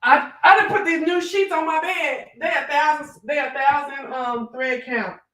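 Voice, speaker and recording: Chatty, animated live-stream host. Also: high-pitched, moderate pace. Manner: animated, chatty, swears freely, acts out reactions. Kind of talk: casual live-stream chat.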